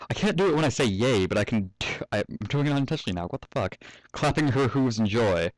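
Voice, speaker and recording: A man's voice: mid-range voice, expressive, racing, no room sound, poor audio. A young man reading a fan story aloud at home, often breaking off to joke, swear and laugh. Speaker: fanfic reader. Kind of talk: casual story reading with asides.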